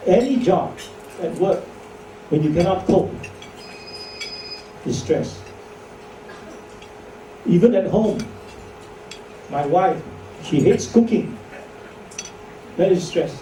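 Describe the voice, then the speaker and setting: A man's voice: sits high, expressive, takes it slowly, pauses often, dark tone. A man giving a chatty medical lecture to doctors, joking and asking rhetorical questions. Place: lecture hall. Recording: echoey hall from far off, faint noise.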